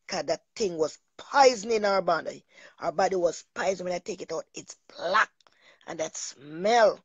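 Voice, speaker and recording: A woman's voice: on the low side, animated, normal speed, slightly rough, no echo. Emotional woman telling a rambling story. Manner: rambling, emotional, repeats herself. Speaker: talk show host. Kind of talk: personal storytelling monologue.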